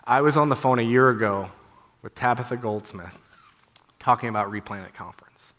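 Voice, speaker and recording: A man's voice: medium pitch, fairly quick, fairly bright tone. A man in his thirties giving a heartfelt, candid talk at a conference, conversational and full of "you know"s. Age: 30s. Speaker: conference speaker. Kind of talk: personal testimony talk. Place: conference hall. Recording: long reverb of a large hall.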